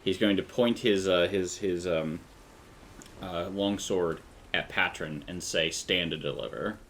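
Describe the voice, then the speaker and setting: A man acting as game master for a tabletop game, talking in a halting way with many fillers and restarts. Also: low-pitched, fairly even intonation, a bit bright, slight background noise.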